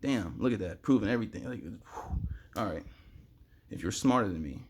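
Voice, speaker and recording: A young man with a fairly low, husky voice talks to the camera about spiritual matters, fast, excitable and preachy as he rambles on. Sweating in the heat, he bursts out loudly now and then.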